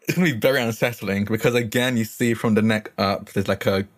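A man's voice: fairly low pitch, steady tone, quick pace. A man playing a tabletop role-playing game, chatty and laughing as he thinks aloud. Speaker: player. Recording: podcast with music underneath.

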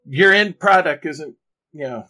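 A man's voice: fairly high pitch, measured pace, pushed and bright. A man co-hosting a podcast in an easygoing, casual way, with plenty of "um"s and "uh"s as he sets up a clip. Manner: easygoing, filler-heavy. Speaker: podcast co-host. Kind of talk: casual chat.

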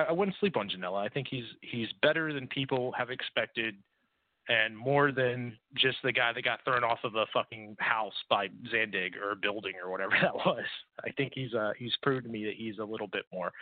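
A man's voice: mid-range voice, a little fast, dry recording. A man co-hosting a podcast, giving frank, opinionated takes in casual chat with some swearing. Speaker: podcast co-host. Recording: tinny phone-like audio, dry.

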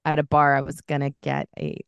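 A woman from California, co-hosting a podcast and telling lively stories in a casual chat. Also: sits low, a little fast, gravelly, clear, resonant tone, no room sound, muffled recording. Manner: chatty, animated anecdotes with laughter. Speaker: podcast co-host.

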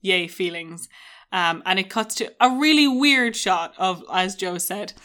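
A woman co-hosting a podcast in relaxed, casual chat. She tells her stories in a loose, rambling way and laughs easily as she goes. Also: medium pitch, unhurried, clean tone. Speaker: podcast co-host.

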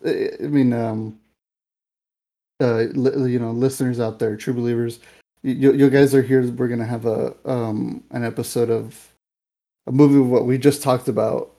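A man's voice: medium pitch, mellow. A young man co-hosting a podcast, chatting casually about a movie in a rambling, filler-heavy way. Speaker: podcast co-host. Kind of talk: casual movie review chat.

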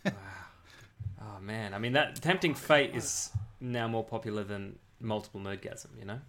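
A man's voice: lowish voice, normal speed, fairly bright tone. Chatty man telling a rambling story. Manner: rambling storyteller with many restarts. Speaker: podcast co-host. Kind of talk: casual comedic chat. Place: abroad, living in Asia.

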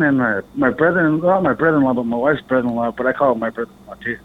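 This Alaskan podcast guest talks rapid-fire in a medium-pitched voice, the audio tinny like a phone call. He rambles animatedly through a casual story, dropping the odd swear word and acting out what others told him.

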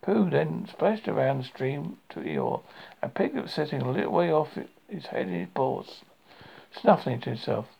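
Gravelly man reading a children's book. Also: medium pitch, sing-song, moderate pace, mellow. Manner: stumbling, rereads lines. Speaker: reader. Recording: dull lo-fi home recording.

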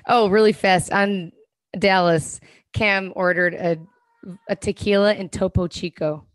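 A woman's voice: medium pitch, steady tone, unhurried, dry recording. A woman in her thirties co-hosting a casual, gossipy chat. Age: 30s. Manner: chatty, gossipy. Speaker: podcast co-host.

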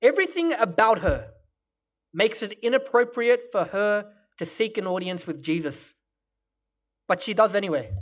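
A man's voice: sits high, lively intonation, normal speed. A male pastor delivering a sermon, explaining scripture and Greek word meanings in a teaching manner.

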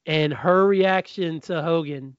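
A man's voice: fairly high pitch, slow, smooth, dry recording, muffled recording. A man hosting a wrestling podcast, chatting casually and telling stories with lots of laughter. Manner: laughing, animated storytelling. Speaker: podcast host. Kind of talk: casual banter.

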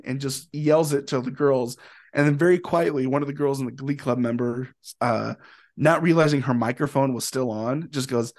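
A young man from Indiana, a podcast guest and musician, telling stories in a rambling, animated way and swearing freely. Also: medium pitch, moderate pace. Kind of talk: casual storytelling.

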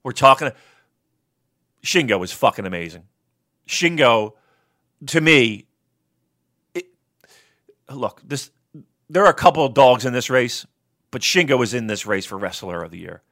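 A man co-hosting a casual review podcast, talking profanely and excitably and working himself up into shouting rants. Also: medium pitch, unhurried, pauses often. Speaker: wrestling podcast co-host.

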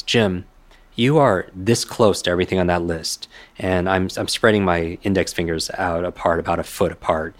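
Deep-voiced man telling a story animatedly. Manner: animated, acts out quoted dialogue, frequent "right?". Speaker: guest, memory coach. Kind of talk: personal storytelling in a conversation.

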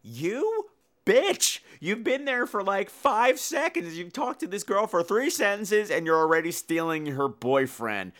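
A man hosting a podcast, retelling a horror film in a campy, animated way. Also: a little high. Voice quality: campy, animated storytelling with acted-out voices. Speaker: podcast host. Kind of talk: casual film review podcast.

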